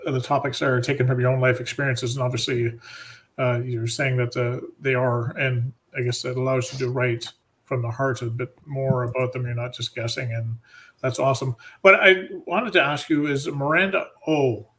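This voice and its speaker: Male co-host, bright forceful tone, upbeat questions. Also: medium pitch, flat delivery, normal speed. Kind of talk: interview questions.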